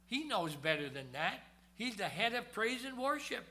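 This sermon comes from a man whose voice is high, bright and forceful, with a sing-song quality. His delivery lurches between loud, insistent emphasis and quiet, low murmurs, and he eases his pace each time he reads from scripture.

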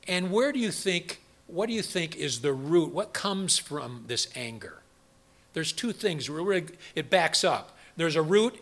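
A man's voice: fairly high pitch, bright, forceful tone. A middle-aged man preaching a sermon, asking the audience questions and acting out quoted voices. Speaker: pastor.

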